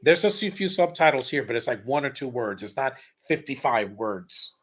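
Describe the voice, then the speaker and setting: A man's voice: medium pitch, expressive, normal speed, a bit bright, husky. A man giving casual, blunt and rambling live commentary while rewatching a film. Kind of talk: casual opinionated watch-along commentary.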